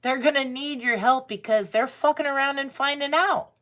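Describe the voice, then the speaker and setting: A woman's voice: high voice, normal speed, a bit bright. A woman giving a casual tarot reading, blunt and swearing freely, laughing as she talks. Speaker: tarot reader.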